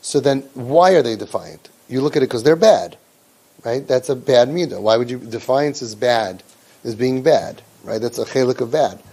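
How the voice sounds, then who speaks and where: With a warm, slightly rough medium-pitched voice, a man leads a parent training talk at normal speed. He's animated and sarcastic, putting on exaggerated voices to mimic both children and parents.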